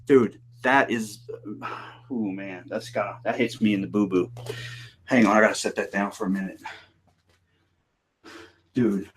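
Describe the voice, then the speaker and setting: A man running a live paranormal investigation, talking excitedly and profanely and calling listeners dude and bro. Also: lowish voice, a little slow, pauses often, a little hiss or hum, low-quality recording. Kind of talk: live ghost-hunting session. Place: indoors, room where he investigates.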